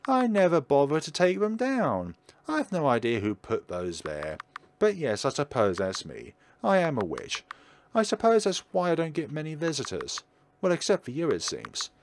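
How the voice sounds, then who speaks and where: A man's voice: on the high side, huge pitch swings, moderate pace, a little hiss or hum, pitched above the performer's own voice. Man voicing a lonely motherly witch. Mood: wistful. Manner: gentle, polite, wistful. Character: lonely motherly woman witch living in woods. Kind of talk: reading game dialogue aloud.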